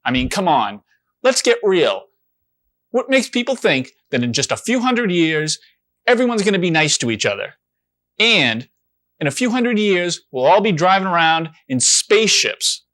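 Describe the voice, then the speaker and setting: A man's voice: high voice, very animated, normal speed, a bit bright. A man, the show's producer and host, delivering an indignant, sarcastic comedic rant to camera.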